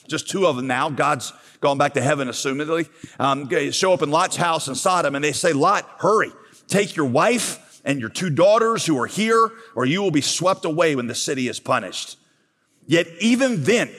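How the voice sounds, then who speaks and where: A pastor delivers a sermon, telling a scripture story in a lively way and asking his listeners rhetorical questions. His man's voice sits a little above the usual pitch. Long reverb from a large hall trails every phrase.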